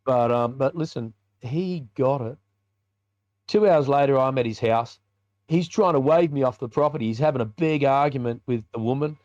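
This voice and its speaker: A man's voice: medium pitch, normal speed, a little mellow, no echo, highs cut off. An Australian man, a biker ministry leader, telling a personal story in a podcast interview in a colloquial, vivid way and acting out the dialogue.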